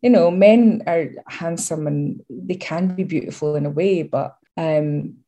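A woman's voice: low-pitched, a little slow. A middle-aged Scottish woman giving a candid interview, telling stories with humour and pride. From Scotland. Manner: lively, humorous, proud storytelling. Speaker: interview guest.

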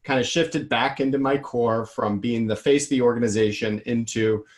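A man in his thirties, a podcast guest and author, telling his story in a rambling, energetic way and acting out what people said. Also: mid-range voice, normal speed. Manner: energetic, rambling, acts out quotes. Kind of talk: casual storytelling interview.

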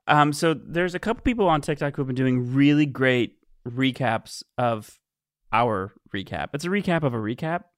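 A man's voice: medium pitch, lively intonation, normal speed, no echo, clean studio sound. Chatty man co-hosting a podcast. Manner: chatty, laughs often, lots of fillers. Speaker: podcast co-host. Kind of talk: casual chat.

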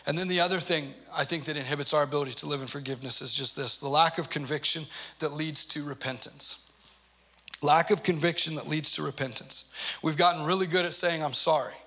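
A man in his forties preaching a sermon, telling stories with playful asides and lively, animated delivery. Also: fairly high pitch. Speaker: pastor.

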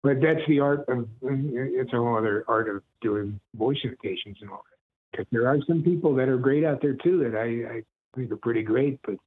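A man's voice: medium pitch, moderate pace, slightly rough. A middle-aged man from Ohio, a voice actor, casually telling stories and slipping into impressions. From Ohio, USA. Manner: animated storyteller who slips into impressions, chuckles often. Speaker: voice actor guest. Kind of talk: casual interview storytelling. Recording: tinny phone-line audio.

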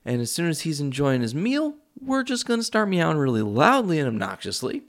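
Brief: a man putting on a high, smug house cat, pushy and crude. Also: sing-song, a little fast. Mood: scheming.

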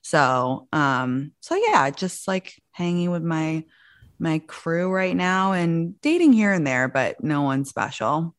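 American woman in her twenties, low voice, dry close sound, rambling casual chat. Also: expressive, slow pace, no room sound. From born in the US, grew up in London. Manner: chatty, many "like" fillers and restarts.

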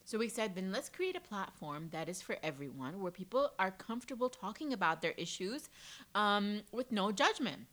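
A woman in her forties from the Emirates, co-hosting a podcast and telling stories in a blunt, profane, animated way. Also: mid-range voice, moderate pace. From United Arab Emirates. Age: 40s. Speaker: podcast co-host. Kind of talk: casual podcast chat.

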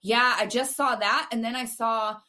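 A woman's voice: fairly high pitch, steady tone, normal speed, bright, forceful tone. A woman, podcast co-host, in casual chat, supportive and teasing, with some swearing.

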